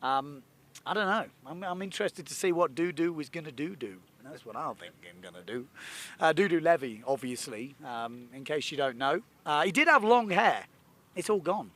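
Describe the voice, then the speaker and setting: A man giving jokey, excitable live commentary from a boat on a lake. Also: fairly high pitch, moderate pace. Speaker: sports commentator.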